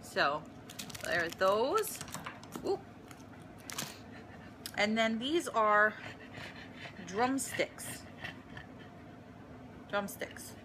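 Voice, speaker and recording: A woman's voice: mid-range voice, very animated, very slow, long pauses, noisy background. A woman filming a casual unboxing vlog in her apartment, gushing and emotional over each gift. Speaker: vlogger.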